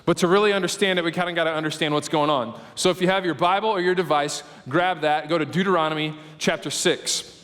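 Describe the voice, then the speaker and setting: A middle-aged man preaching a sermon as pastor, telling stories in an animated, conversational way with frequent asides. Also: on the high side, fast talker, hardly any pauses. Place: church auditorium. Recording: long hall reverb.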